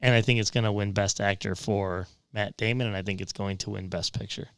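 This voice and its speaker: A man's voice: lowish voice, steady tone, fairly quick, fairly bright tone, clear, resonant tone, no echo, studio quality. A man co-hosting a podcast, chatting enthusiastically about a movie with lots of fillers. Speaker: podcast co-host. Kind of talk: casual movie review chat.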